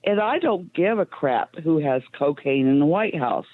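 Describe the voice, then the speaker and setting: A woman's voice: sits low, lively intonation, moderate pace, no room sound. A woman calling in to a radio talk show, plain-spoken and emotional, with lots of ums. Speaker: caller. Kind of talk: call-in radio chat. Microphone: phone. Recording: tinny phone line.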